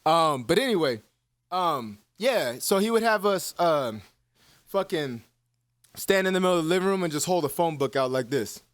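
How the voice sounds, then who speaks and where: A male co-host in his twenties keeps a podcast conversation lively with animated stories, frequent laughter and free swearing. He speaks at a moderate pace in a higher-leaning voice, with no room sound at all.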